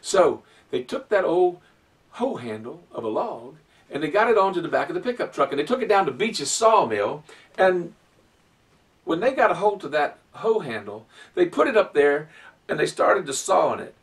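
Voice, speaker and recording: A male storyteller spins a folk tale for children, his voice leaping between highs and lows. He sits a bit high for a man and sounds picked up from across the room. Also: recorded from a distance. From Virginia, USA. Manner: animated, folksy, dramatic pauses.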